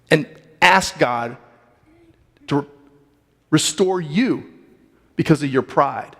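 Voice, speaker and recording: A man's voice: a little high, in a large hall. A man preaching a sermon, earnest and questioning, often restarting his phrases as he reads and reflects on a Bible story. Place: church sanctuary.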